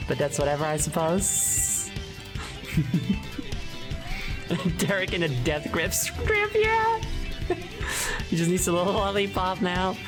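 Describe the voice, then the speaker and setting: A woman's voice: fairly low pitch, animated, slow, pauses often. A woman streamer in casual live-stream chat, rambling and giggling with many fillers. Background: background music.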